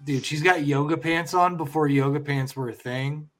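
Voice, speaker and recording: A man's voice: on the high side, steady tone, normal speed, soft background music. A man joking crudely with friends while reacting to a movie. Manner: crude, laughing banter. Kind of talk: casual reaction chat.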